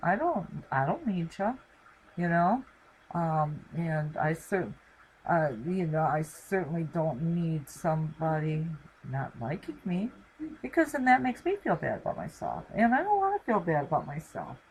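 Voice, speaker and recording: Slow, lower-voiced woman rambling warmly. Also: big pitch swings, husky, rough recording. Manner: rambling, affectionate, lots of fillers. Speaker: channel host. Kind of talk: casual live-stream sign-off chat. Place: home, talking to camera with her dog.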